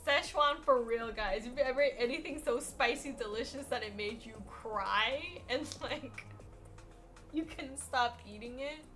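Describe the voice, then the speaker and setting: A woman narrating a comic storytime, animated and full of swearing, dropping to mumbles and then rising loud. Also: a little high. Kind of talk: casual comedic storytime voice-over.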